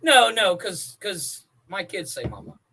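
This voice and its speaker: A man's voice: high voice, sing-song, measured pace, gravelly, pushed and bright, husky, low-quality recording. A man co-hosting a comedy podcast from his home, chatting casually with lots of fillers. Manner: chatty, filler-heavy, laughs easily. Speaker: podcast co-host. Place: home in Cancun.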